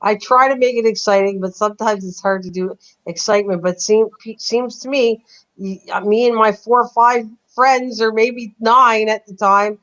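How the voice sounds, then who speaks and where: A woman's voice: on the high side, steady tone, normal speed, fairly bright tone. Rambling woman host on muffled audio. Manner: rambling, self-deprecating, laughs easily. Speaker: livestream host. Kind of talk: casual chat. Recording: dull lo-fi stream audio.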